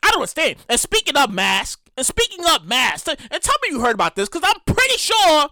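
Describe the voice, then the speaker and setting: A man hosting his own podcast in a casual solo monologue, animated and profane, often repeating himself. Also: very high-pitched, fairly quick, no room sound. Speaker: podcast host.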